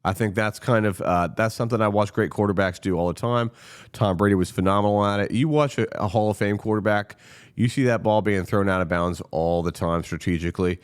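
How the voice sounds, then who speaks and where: A man's voice: lowish voice, a little fast, clean tone. A man hosting a sports commentary show, ranting in a heated, sarcastic way and swearing freely. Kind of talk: opinionated sports rant.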